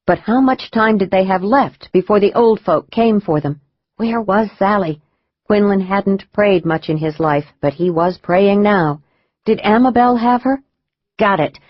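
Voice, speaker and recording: A woman narrating a thriller audiobook in a measured, even storytelling manner. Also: mid-range voice, dry recording, muffled recording.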